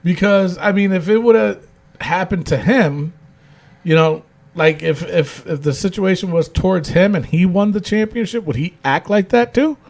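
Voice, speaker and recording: A man's voice: high-pitched, normal speed, creaky, a little mellow. A man hosting a casual wrestling podcast, rambling with lots of fillers and restarts. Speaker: podcast host.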